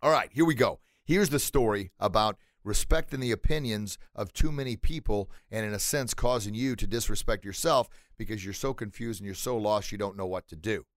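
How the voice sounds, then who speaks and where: A man delivering a motivational podcast monologue, speaking emphatically and animatedly straight to his listeners. His voice is mid-pitched and recorded on a close mic in a dry room. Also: fairly quick, hardly any pauses, dry recording. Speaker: podcast host.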